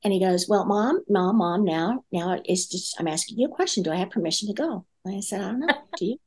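A middle-aged woman, a guest speaker on parenting, tells a family story in a relaxed conversation, acting out the dialogue with many fillers. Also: medium pitch, a little fast, husky.

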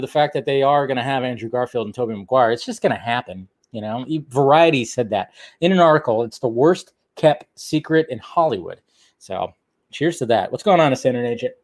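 A man hosting a casual live-stream film show, rambling and self-deprecating, with lots of restarts and fillers. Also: medium pitch. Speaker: solo host of a film news show.

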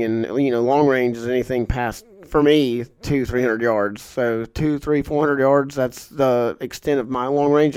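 A man's voice: mid-range voice, darkish tone, clear, resonant tone, no room sound, clean studio sound. A man hosting a podcast, telling stories in a casual, rambling way with lots of fillers and frank talk. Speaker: podcast host. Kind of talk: casual storytelling monologue.

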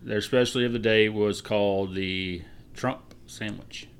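A man's voice: fairly low pitch, a little slow, clean tone. A middle-aged man co-hosting a podcast, telling funny stories in a casual chat and acting out the voices of people he quotes. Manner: relaxed storyteller, acts out quoted voices. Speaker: podcast co-host.

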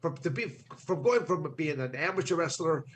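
A man's voice: a little high, animated, moderate pace, slight background noise. A man co-hosting a podcast, talking casually and repeating words as he gathers his thoughts. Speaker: podcast co-host. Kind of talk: casual chat.

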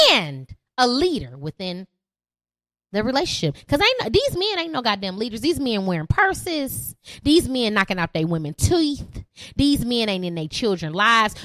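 A woman's voice: fairly high pitch, fairly bright tone, no room sound. A woman, hosting a live podcast and ranting in an emphatic, preachy, repetitive way. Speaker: podcast host.

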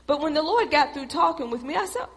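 A woman's voice: high-pitched, expressive, fast, big-room sound. A woman preaching a sermon in a church, talking straight to the congregation in a conversational, emphatic way.

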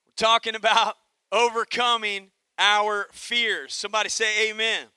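A man preaching a sermon with lively energy, telling jokes and calling on the congregation for amens. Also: sits high, a little slow, clean tone, no room sound. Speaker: pastor.

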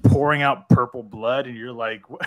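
Man in his 30s, panel co-host, casual and animated. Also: mid-range voice, moderate pace. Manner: excitable, says "dude" and "like" a lot. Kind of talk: casual chat.

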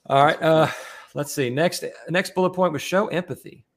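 A man's voice: on the high side, moderate pace. A man hosting a casual podcast discussion among fathers, talking earnestly with many fillers and restarts. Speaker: podcast host leading discussion.

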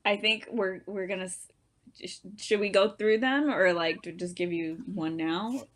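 A woman's voice: medium pitch, unhurried. A young woman speaking as a guest in a casual chat, rambling a little and laughing through her stories.

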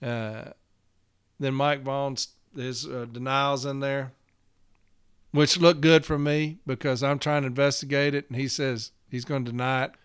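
A man's voice: medium pitch, level tone, a little slow, clear, resonant tone. A man telling a work story in a casual podcast as a union representative, blunt and emphatic, swearing freely.

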